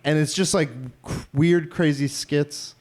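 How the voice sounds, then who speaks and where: A man's voice: on the high side, steady tone, unhurried, darkish tone. A man co-hosting a podcast in casual chat, rambling and retelling scenes with quoted voices. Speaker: podcast co-host.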